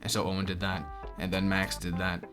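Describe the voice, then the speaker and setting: Low-voiced young man over background music. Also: a little fast. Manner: relaxed, rambling, with filler words. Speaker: channel host answering questions. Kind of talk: casual Q&A chat. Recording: music playing underneath.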